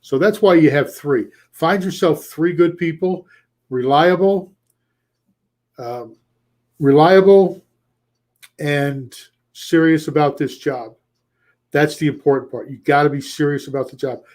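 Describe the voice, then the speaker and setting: A man coaching a live online audience in an energetic, conversational voice that sits a touch higher than most men's. He hammers home points by repeating them and slips into quick acted snippets of phone calls. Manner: energetic, repeats key phrases for emphasis; acts out short role-play lines with a lifted voice. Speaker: coach hosting a weekly live show. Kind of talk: casual coaching talk to a live chat.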